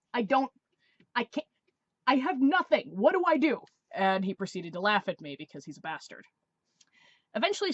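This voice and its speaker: A woman's voice: mid-range voice, dry recording. Woman in her 20s ranting on her vlog, sarcastic, voice bounces all over, kinda dull dry sound. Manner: sarcastic, exasperated. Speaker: vlogger. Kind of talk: casual storytelling review.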